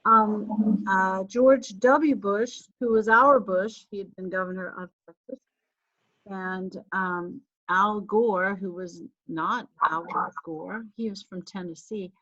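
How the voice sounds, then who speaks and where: A woman's voice: medium pitch, slow, fairly bright tone. A woman teacher giving a casual online class lecture, chatty and laughing at herself, with the odd sneeze and cough. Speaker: college teacher. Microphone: video call. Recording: slightly dull video call audio.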